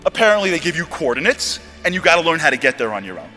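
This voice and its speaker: An American man telling a story to an audience, acting out the dialogue and swinging from hushed asides to loud exclamations. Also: a little high, sing-song, very fast, hardly any pauses, faint music behind. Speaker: motivational speaker. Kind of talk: animated storytelling talk.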